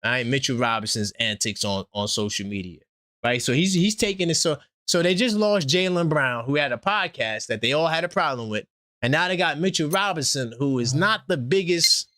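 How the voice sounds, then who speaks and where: New guy ranting on his fan stream, pitch all over the place, dry close sound. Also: brisk, no echo. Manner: animated, trash-talking, swings between loud outbursts and low asides. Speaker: sports channel host. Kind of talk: casual fan commentary stream.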